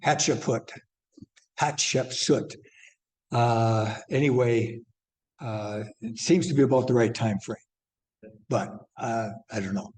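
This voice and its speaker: An older man lecturing a church class, halting and rambling with many fillers and restarts. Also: mid-range voice, a little mellow. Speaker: class teacher.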